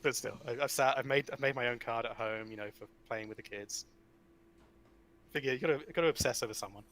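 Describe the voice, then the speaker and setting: A man in casual conversation about a trading card game, voice pitched in the middle range. He rambles and restarts often, breaking into lively asides. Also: fast. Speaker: guest, card game writer.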